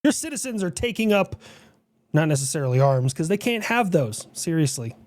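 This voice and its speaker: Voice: medium pitch, very animated, a little fast, a little mellow, no room sound. A streamer with a mid-range voice talks through a reaction video in an offhand, sardonic way. The speaker swears now and then. The sound is close and dry. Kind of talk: casual reaction-stream chat.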